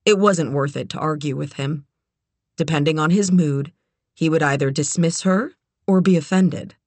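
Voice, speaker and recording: An audiobook narrator reading a novel in even, measured scripted narration. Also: mid-range voice, no echo.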